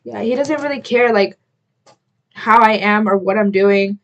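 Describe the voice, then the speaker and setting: A woman's voice: mid-range voice, fairly bright tone, highs cut off. A young woman telling a story while getting ready at home, rambling with lots of "like" and breaking off to apologize. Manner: rambling, heavy use of "like", self-interrupting; quick to apologize, chatty asides to camera. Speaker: vlogger.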